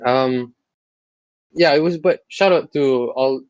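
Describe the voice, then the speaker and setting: A talkative man chats loosely on a podcast, teasing his co-hosts and laughing often. His voice sits at an ordinary pitch and sounds dry and close. The recording is slightly muffled. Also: takes it slowly, no echo. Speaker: podcast co-host. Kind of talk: casual chat.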